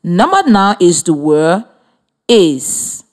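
A woman from Liberia leads a radio lesson for young children, speaking slowly and spelling out each step. Her pitch moves a lot, rising and falling in a sing-song way. She talks in an encouraging, clearly articulated classroom manner. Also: sing-song, a little mellow. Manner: slow, clearly articulated, encouraging teacher talk. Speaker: radio teacher. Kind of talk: slow scripted classroom instruction. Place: radio studio with students present.

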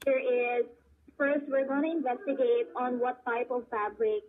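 Woman call-centre agent, higher voice, husky, hesitant and polite, tinny phone line. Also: fairly even intonation, moderate pace. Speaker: customer service agent.

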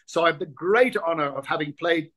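A man's voice: a little high, brisk. A man in his sixties, from Ireland, telling rugby stories as a guest in an interview, acting out the voices of people he quotes and repeating words as he searches for them. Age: 60s. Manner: lively raconteur, acts out quoted voices, repeats words when reaching for them. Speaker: guest, former rugby player. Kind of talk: anecdotal interview storytelling.

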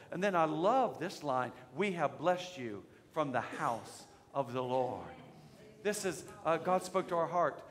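A man preaching a sermon as pastor, leading call-and-response and building up to shouted declarations. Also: fairly high pitch. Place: church sanctuary. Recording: church hall reverb.

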